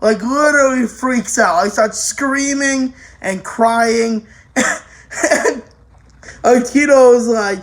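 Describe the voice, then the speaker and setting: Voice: medium pitch, takes it slowly. An anime reviewer giving a casual, rambling spoken review, full of restarts and offhand swearing.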